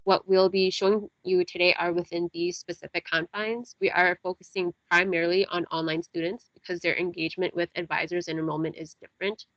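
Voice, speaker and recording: A woman student reading part of a class project presentation at a steady pace. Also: fairly low pitch, a little fast, few pauses, dry recording, muffled recording.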